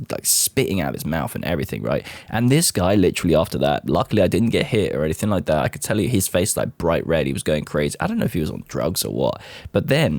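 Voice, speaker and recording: A young man, telling a story in a casual, profane, animated rant. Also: rumbling low, gravelly, dry recording. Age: 20s.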